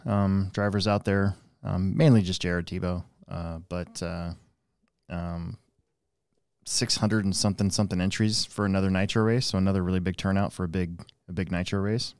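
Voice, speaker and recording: A man with a lowish voice hosts a laid-back podcast chat. He rambles through his points with lots of ums and restarts. The sound is dry and close, with no room around it. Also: fairly even intonation, normal speed, a little mellow, clear, resonant tone, dry recording. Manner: rambling, with many fillers and restarts. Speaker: podcast host, hobby shop manager and race director.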